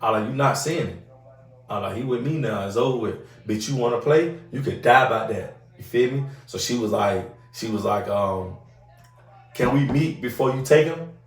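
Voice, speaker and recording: Male host, animated profane storyteller doing voices; roomy room, mic set back. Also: mid-range voice, normal speed. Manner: animated storyteller acting out other people's voices, heavy profanity. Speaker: podcast host. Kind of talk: casual storytelling chat. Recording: roomy sound from a distant mic.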